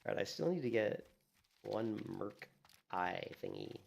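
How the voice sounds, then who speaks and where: A man streaming a game, chatting casually and telling animated stories, acting out what others said and filling in with "you know" and "like". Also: lowish voice, unhurried, creaky, slight background noise. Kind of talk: casual gaming stream chat.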